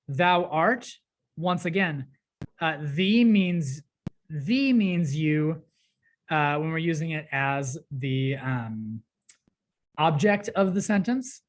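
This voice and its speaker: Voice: mid-range voice, lively intonation, takes it slowly, a little hiss or hum. A teacher recording an online class lesson, explaining a poem step by step with frequent "um" and "right?" checks. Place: home or classroom at a desk, working on a tablet.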